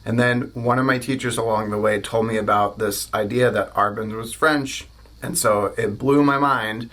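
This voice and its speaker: A man's voice: on the low side, fairly even intonation, normal speed, fairly bright tone. An American man teaching a trumpet lesson, explaining articulation and saying practice syllables aloud. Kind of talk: instructional video lesson.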